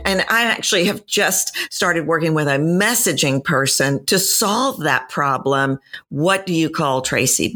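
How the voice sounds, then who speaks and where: Texan woman, 50s, low register, lively storyteller, podcast guest. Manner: animated storyteller, acts out quoted voices. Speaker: voice and dialect coach. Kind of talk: podcast interview answers.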